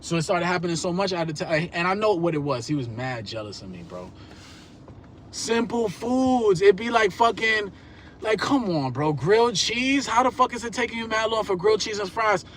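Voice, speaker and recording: A man's voice: high-pitched, animated, normal speed, fairly bright tone, slight background noise. A man in his thirties telling rambling, profane stories in streetwise slang on a live stream. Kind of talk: casual storytelling rant.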